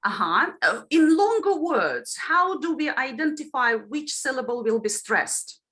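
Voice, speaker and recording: A woman with a high, quite bright and very animated voice speaks at a measured pace. She is a teacher trainer giving an online phonology lesson on a video call. She explains things patiently and checks in with her students often, asking "yeah?" and "right?"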